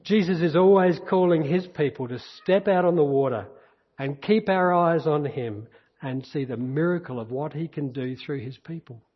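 A man's voice: fairly high pitch, moderate pace, breathy edge. A male pastor preaching a sermon, earnest and repeating key phrases, recorded in a church. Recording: dull echoey church hall recording.

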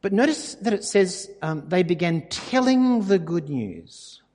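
A man's voice: high-pitched, expressive, unhurried, a little mellow. A man preaching a conversational, anecdotal sermon in a reverberant church hall. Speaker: pastor.

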